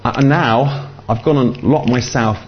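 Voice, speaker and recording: A man's voice: medium pitch, measured pace, muffled recording, slight background noise, lightly acted. A man voicing a flustered, anxious mother who pleads in a raised voice. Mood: upset. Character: flustered mother, middle-aged woman, anxious.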